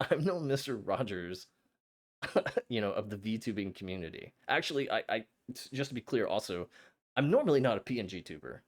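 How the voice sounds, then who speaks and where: A young man streaming a game, chatting to his viewers in an excitable, flustered way with frequent stammers. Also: fairly low pitch. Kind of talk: casual live-stream chat.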